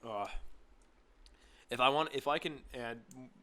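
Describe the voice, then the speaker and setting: A man's voice: medium pitch, a little slow, background noise. A young man co-hosting a casual podcast, rambling and jokey as he tells stories. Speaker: podcast co-host. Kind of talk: casual chat.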